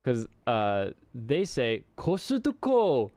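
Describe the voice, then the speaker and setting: A man hosting a casual online group chat, telling stories in an animated way and laughing often. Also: deep voice, moderate pace, smooth, no room sound. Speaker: host.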